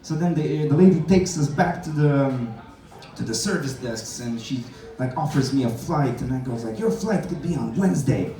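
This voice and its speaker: Young man, stand-up comedian, animated storytelling, swears a lot, mid-pitched, roomy echo, far from the mic. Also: normal speed. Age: young adult. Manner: animated, swearing, high-pitched mimicry in quotes. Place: stage in a room with an audience. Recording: echoey room from far off.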